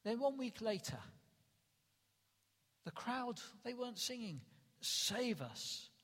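A man's voice: very high voice, lively intonation, unhurried. A male preacher giving a dramatic sermon that rises to emphatic calls, recorded in a church hall. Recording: long reverb in a large hall.

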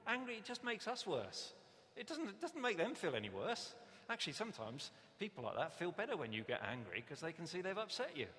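A man preaching a sermon in a church, conversational and animated, often acting out the voices he quotes. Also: fairly high pitch. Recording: long reverb of a church hall.

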